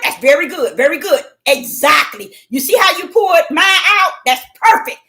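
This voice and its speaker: Woman, preacher, fervent sermon, shouts then hushes, animated melodic voice. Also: high-pitched, moderate pace. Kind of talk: impassioned sermon.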